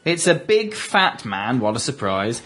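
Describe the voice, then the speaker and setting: A man with a lively, higher voice speaks slowly and teases the others in mocking banter. Faint noise sits under his voice. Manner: mocking, joking. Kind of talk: casual teasing banter.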